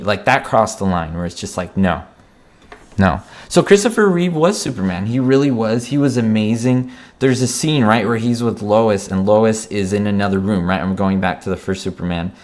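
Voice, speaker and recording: Passionate man reviewing a film. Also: lowish voice. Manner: passionate, repeats words and asks "right?". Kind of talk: casual opinion review.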